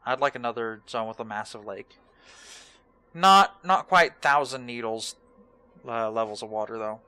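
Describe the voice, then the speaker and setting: Bright-voiced rambling young gamer. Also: male voice, mid-range voice, moderate pace, clean tone, dry recording. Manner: rambling, hesitant, self-deprecating. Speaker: let's play host. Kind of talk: casual gaming commentary.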